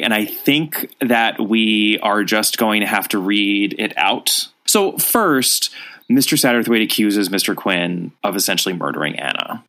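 A man co-hosting a book podcast, recapping a story and reading passages aloud with animated, swooping emphasis. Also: fairly low pitch. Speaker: podcast co-host.

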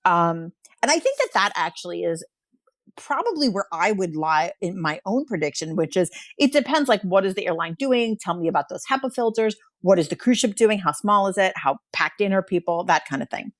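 A woman's voice: medium pitch, sing-song, a little fast, no echo, clean studio sound. A woman co-hosting a podcast, chatting casually as she presents survey results, with frequent fillers and easy laughs. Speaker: podcast co-host.

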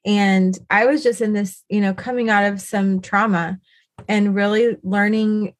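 A woman's voice: mid-range voice, steady tone, a little slow. A woman in her thirties, a podcast guest, talking casually about her faith and her kids, rambling with lots of "like" and "you know".

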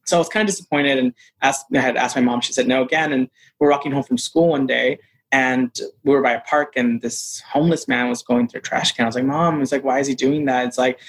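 Animated man telling a story. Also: fast talker. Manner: animated, acts out quotes in a higher voice. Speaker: interview guest. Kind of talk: storytelling in casual interview.

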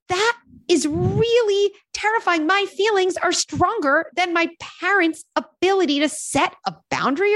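Chatty woman, kinda high voice, dry close mic, lots of "like"s, parenting advice vibe. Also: no echo. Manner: animated, uses many fillers and acted quotes. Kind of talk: casual conversational advice.

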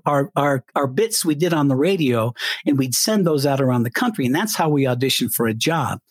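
A man's voice: fairly high pitch, no echo, studio quality. An older man from Colorado, a retired radio DJ, telling stories as an interview guest and acting out the voices in them. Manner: animated, acts out voices in his anecdotes. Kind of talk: storytelling interview.

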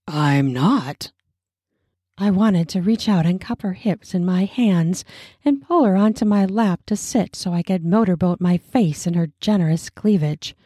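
A woman narrating an erotic story in a slow, soft, sensual style. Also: medium pitch, husky, no room sound, studio quality.

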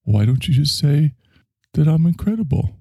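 A man voicing Ori, a blunt, grumbling scone-eating male character with a flat, accusing manner. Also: a little high, normal speed, no echo, studio quality, pitched above the performer's own voice. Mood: smug.

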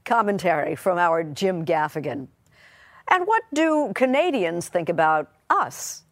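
A woman news anchor introducing segments crisply, with light amusement. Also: fairly low pitch, big pitch swings, a little slow, dry recording. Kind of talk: news presenting.

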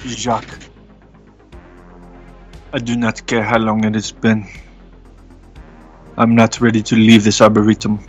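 A man's voice: lowish voice, completely flat delivery, measured pace, pauses often, muffled recording, faint music behind, natural voice. A man voicing a centuries-old male guardian of an arboretum in a tabletop game, speaking in a formal, grieving and defiant way. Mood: weary defiance.

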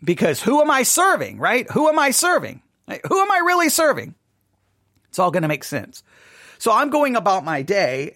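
A man hosting his own podcast, telling a story in an animated, self-mocking way. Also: high voice, measured pace, no echo, clean studio sound. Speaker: podcast host. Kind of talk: casual monologue. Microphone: studio mic.

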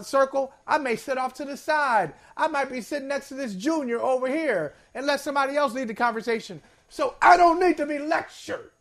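A man's voice: high voice, a bit bright. A man hosting a sports talk show, talking in a discursive, emphatic way with playful asides. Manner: sincere and playful, laughs at himself.

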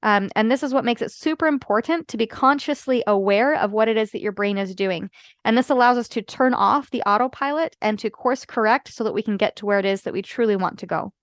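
A woman's voice: on the high side, a little fast, no echo. Earnest woman podcaster, dry close sound. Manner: earnest, explanatory, frequent "right?" asides. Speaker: podcaster and life coach. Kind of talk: solo podcast talk.

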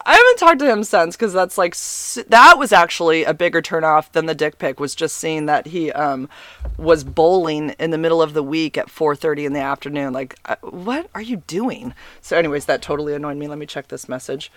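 A woman's voice: a little fast, no echo. Woman, casual confessional monologue, profane, rambling, exasperated, dry close sound. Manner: candid, profane, rambling with many fillers; exasperated, swings between loud bursts and low asides.

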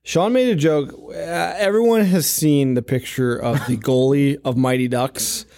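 A man's voice: fairly high pitch, a little slow, a little mellow. A man co-hosting a podcast in casual movie chat, sarcastic and laughing, swearing now and then. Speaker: podcast co-host.

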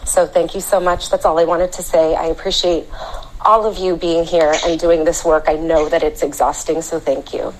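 A woman speaking to a live audio room in an earnest, heartfelt way. Her voice sits a little low, and she often trips over and repeats words when she is moved. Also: level tone, normal speed, a little hiss or hum, poor audio. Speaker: panel speaker.

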